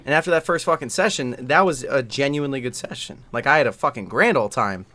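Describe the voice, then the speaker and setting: Young man, podcast co-host, quick rambling delivery, sweary, casual chat. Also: mid-range voice, pushed and bright. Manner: fast, sweary, rambling with many fillers.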